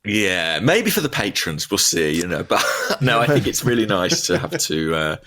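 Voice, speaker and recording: Man, very deep voice, animated swings, bright edge, casual podcast storytelling. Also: moderate pace. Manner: lively storyteller, playful voices. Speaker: podcast co-host. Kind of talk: casual football podcast chat.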